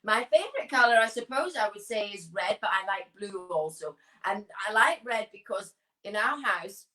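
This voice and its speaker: An older woman chats through quick questions as a guest, brisk and sure of herself. Her voice sits in a middle pitch, neither high nor low. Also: pushed and bright, rough recording. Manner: brisk, chatty and self-assured. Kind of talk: casual rapid-fire interview answers.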